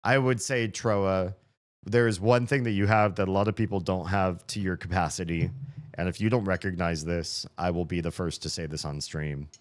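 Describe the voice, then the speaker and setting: A man's voice: sits low, fairly even intonation, moderate pace. An American man chatting casually on a live stream, earnest and reflective, drifting from thought to thought. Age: adult with children.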